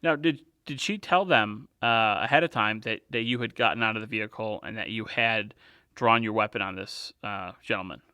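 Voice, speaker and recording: A male podcast host interviewing a guest, recapping the guest's story back to him in halting phrases. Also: fairly low pitch, pushed and bright, smooth, no room sound, clean studio sound.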